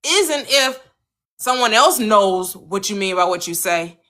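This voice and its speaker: Host type: American woman, bright, earnest motivational coach who repeats points for emphasis. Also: measured pace. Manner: earnest, coaching, repeats phrases, lively swings in pitch. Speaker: manifestation channel host. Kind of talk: motivational spiritual talk.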